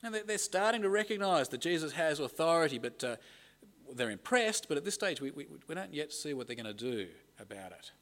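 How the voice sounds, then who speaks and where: A man's voice: a little high, sing-song, brisk, a bit bright. A middle-aged man preaching a conversational sermon and reading scripture aloud with emphasis. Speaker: pastor.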